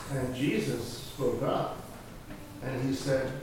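A man playing a poor old blind beggar, telling his story in the first person with halting repeats and sudden cries. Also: mid-range voice, animated, fairly bright tone. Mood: earnest. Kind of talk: first-person dramatic monologue. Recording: echoey hall, distant mic, noisy.

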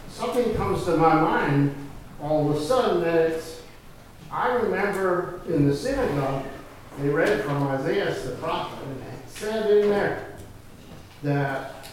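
Man acting as a hopeful old blind beggar, halting speech, slow pace, distant echoey mic, background noise. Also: a little high. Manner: halting, repeats words, rises to cries. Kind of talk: first-person dramatic monologue.

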